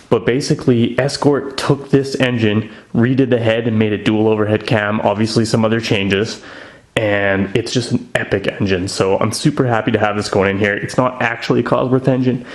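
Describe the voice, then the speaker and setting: A man's voice: fairly low pitch, steady tone, normal speed. Chatty young man in his garage. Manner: chatty, enthusiastic, lots of "like" and "um". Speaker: car project vlogger. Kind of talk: casual garage vlog. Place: home garage.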